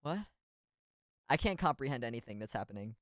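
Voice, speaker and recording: A man's voice: medium pitch, lively intonation, brisk, fairly bright tone, dry recording, studio quality. A man streaming as a VTuber in casual chat, rambling and giggly with self-deprecating asides.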